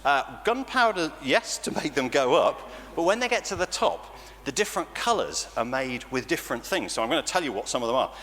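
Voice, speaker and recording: A man with an English accent leading an all-age church talk for children, animated and playful, often laughing. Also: on the high side, a little fast, few pauses. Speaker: church leader. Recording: church reverb with faint noise.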